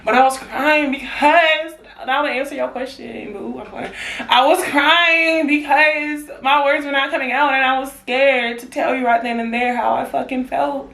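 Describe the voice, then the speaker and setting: A woman's voice: high-pitched, gravelly, a little hiss or hum. Young woman telling a story, roomy echo. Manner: animated, slangy and profane, laughs often. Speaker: vlogger. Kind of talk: casual storytime.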